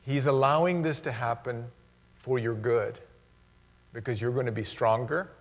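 A middle-aged man, a guest preacher, giving a sermon with jokes and laughter that turns earnest and quiet. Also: mid-range voice, moderate pace.

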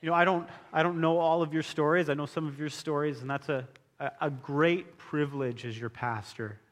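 A man's voice: a little high, steady tone, fairly quick. A man preaching a sermon as pastor, earnest and emphatic, repeating key phrases for weight. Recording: long hall reverb.

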